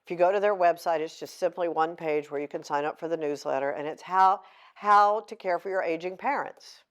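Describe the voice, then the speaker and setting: Speaking fairly quickly in a fairly low voice, a middle-aged author addresses the crowd at her book signing. The talk is candid and heartfelt, with emotional moments offset by self-deprecating humor.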